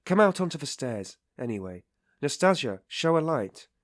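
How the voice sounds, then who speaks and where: Loud, tipsy young friend, as a narrator voices him. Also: male voice, fairly high pitch, very animated, normal speed, dry recording, clean studio sound, voice pushed up. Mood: blustering tipsy. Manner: loud and blustering.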